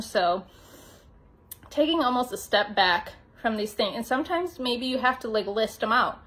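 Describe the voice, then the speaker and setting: A young woman talks through a spiritual lesson on her podcast in a relaxed, rambling way, with lots of "like" and "you know." Her voice sits a little on the high side. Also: moderate pace. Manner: chatty, meandering, lots of fillers and "like". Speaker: podcast host. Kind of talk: casual spiritual teaching monologue.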